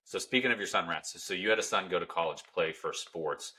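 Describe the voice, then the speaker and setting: Very deep, husky-voiced male host. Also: a little fast, pushed and bright. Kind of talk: interview question.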